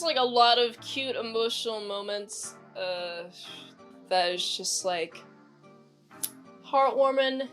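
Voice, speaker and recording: A woman casually recapping and reviewing a TV episode, rambling with lots of "like" and "uh", sometimes talking straight to the characters in playful exasperation. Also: medium pitch. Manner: chatty, rambling, frequent "like" and "uh" fillers. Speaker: TV show reviewer. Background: faint background music.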